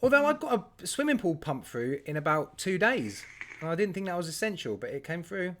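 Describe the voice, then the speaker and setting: A man's voice: high voice, big pitch swings, a little fast, a bit bright, slight background noise. Chatty man hosting. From England. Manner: reads out viewer names, chatty and laughing. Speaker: host. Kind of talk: casual live-stream chat.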